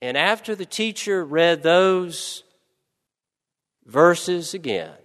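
A male preacher tells a story in a slow, deliberate, reflective sermon. His voice sits slightly high and each phrase trails off in a long reverb. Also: lively intonation, a bit bright.

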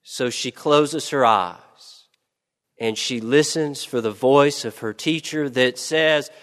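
A man preaching a sermon, telling a story slowly and deliberately. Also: medium pitch, a bit bright, long reverb tail. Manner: slow, deliberate, reflective.

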